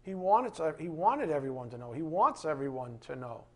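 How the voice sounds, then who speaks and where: A man's voice: on the high side, sing-song, normal speed, fairly bright tone. A man preaching a sermon in an emphatic style, firing off rhetorical questions.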